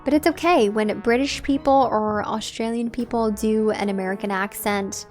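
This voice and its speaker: A woman's voice: a little high, moderate pace, darkish tone, soft background music. A woman live-streaming a game, chatting casually and directly with her viewers. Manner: chatty, talks straight to her chat.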